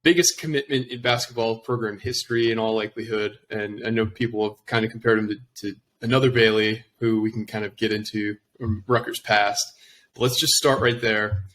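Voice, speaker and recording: A man's voice: lowish voice, steady tone, brisk, fairly bright tone, slight background noise. A man co-hosting a sports podcast, talking in an enthusiastic, casual way and leading the conversation. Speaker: podcast co-host.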